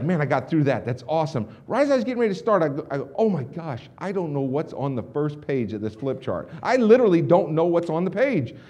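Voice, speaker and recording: A young man giving an energetic storytelling speech to a live audience, acting out quotes with big swings in volume. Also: a little high. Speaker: company president giving a keynote. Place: large hall in front of a live audience.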